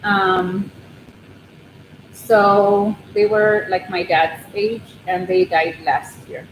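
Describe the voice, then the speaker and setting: A woman's voice: mid-range voice, drawn-out words. A woman hosting a casual livestream from her living room, nervous and rambling, with many ums and restarts. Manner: nervous, soft-spoken. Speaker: crochet channel host on a livestream. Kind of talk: casual live chat with viewers. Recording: roomy room with steady background noise.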